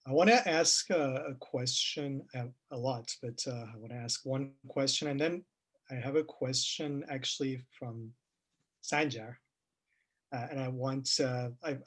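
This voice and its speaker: Hesitant man hosting a virtual talk. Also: medium pitch. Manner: hesitant, many fillers and restarts. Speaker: host of a virtual meetup. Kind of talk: asking interview questions.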